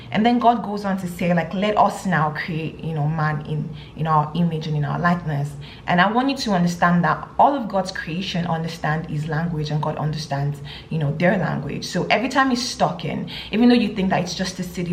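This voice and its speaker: A woman's voice: on the low side, roomy sound, a little hiss or hum. A woman reading scripture aloud and then teaching on it, talking hesitantly with many fillers and restarts. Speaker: Bible teacher.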